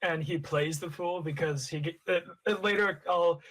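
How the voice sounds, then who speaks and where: A man's voice: a little high, fairly even intonation, moderate pace, fairly bright tone, low-quality recording. A man hosting a podcast, chatting casually and explaining things in a rambling way. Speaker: podcast host reading a script. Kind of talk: casual chat.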